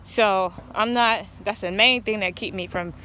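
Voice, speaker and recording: Outdoors for a casual vlog, a woman tells a long personal story, rambling earnestly and often restarting her sentences in a stop-start way. Her medium-pitched voice is unhurried with a sharp tone, and there is a little hiss or hum.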